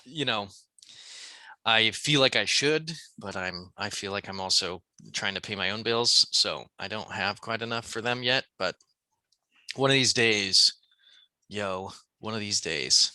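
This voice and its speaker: A man's voice: on the low side, unhurried, pushed and bright, smooth, no echo, poor audio. A man co-hosting a podcast in casual chat, rambling and joking and swearing freely. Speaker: podcast co-host.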